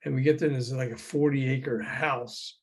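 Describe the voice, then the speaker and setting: An older man, a former record promoter, telling lively anecdotes as an interview guest over a video call, acting out the people he quotes. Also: mid-range voice, moderate pace, breathy edge. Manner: lively raconteur who acts out the people he quotes.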